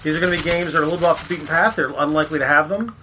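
Man, podcast host, bright voice, slightly high, relaxed casual chat. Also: rapid-fire, slight background noise.

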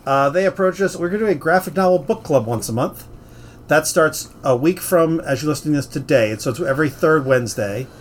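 A man's voice: a little high, quick pace, slight background noise. A man hosting a casual podcast chat, rambling along with plenty of fillers and restarts. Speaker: game store podcast host.

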